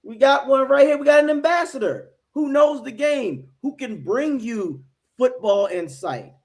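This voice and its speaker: A man's voice: very high-pitched, lively intonation, a little slow. An American man hosting a fan sports talk show, brash, hyped and profane. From United States. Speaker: show host.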